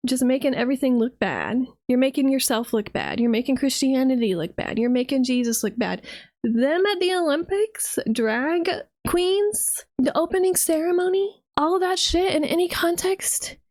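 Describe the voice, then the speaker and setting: A woman's voice: on the high side, darkish tone, dry recording. A woman from the United States who streams as a vtuber, delivering a heated, profane and sarcastic reaction rant.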